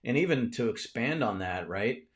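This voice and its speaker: A man's voice: mid-range voice, expressive, moderate pace. A man, hosting a casual live stream from a cluttered home room, rambling with many restarts while he answers viewer comments.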